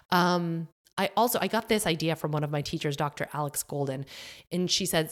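A young adult woman hosting her own podcast, talking casually and animatedly, with lots of "like" and "you know". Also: low voice. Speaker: podcast host. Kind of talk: casual solo podcast monologue.

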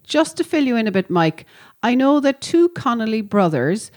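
A woman reading aloud a friendly letter from an Australian listener, in a plain, warm reading voice. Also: a little high, very animated, normal speed.

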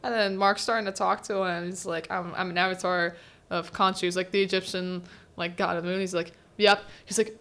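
A teenage girl with a lowish, slightly bright voice and fairly even intonation speaks at a moderate pace. She hosts a student podcast, casually chatting through a solo recap of a show and laughing often as she quotes characters.

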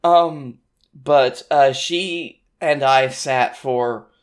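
In this casual podcast chat, a twenties-aged male co-host speaks in a mid-range voice at a very slow pace. Thinking back on things, he rambles reflectively, often restarting sentences and leaning on filler words.

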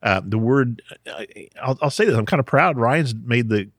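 A man's voice: mid-range voice, animated, moderate pace, slightly rough, no room sound, clean studio sound. A man hosting a podcast, explaining Bible passages in a casual teaching chat, often chuckling and restarting his sentences.

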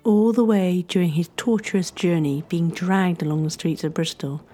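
A woman narrating a historical story in a measured, scripted storytelling style. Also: lowish voice, steady tone, warm tone, soft background music.

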